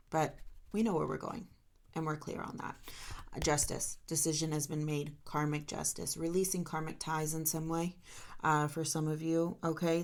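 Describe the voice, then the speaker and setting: A woman's voice: low voice, darkish tone. A woman doing a solo tarot reading, talking straight to her viewers in an emotional, encouraging way. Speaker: tarot reader.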